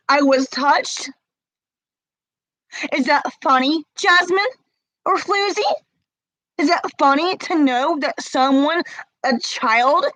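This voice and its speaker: A woman in her forties talking to her livestream chat while crying, confrontational and tearful, sometimes breaking into shouts. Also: sits high, no room sound, rough recording. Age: 40s. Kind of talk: emotional livestream rant.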